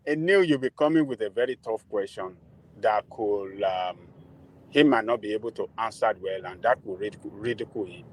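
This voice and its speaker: A man's voice: fairly low pitch, normal speed, rough recording. A man calling in to a casual chat, speaking hesitantly with many filler sounds.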